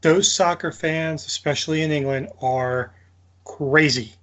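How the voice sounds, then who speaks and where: Casting: New Jersey man, raised pitch, animated and emphatic in casual chat. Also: measured pace.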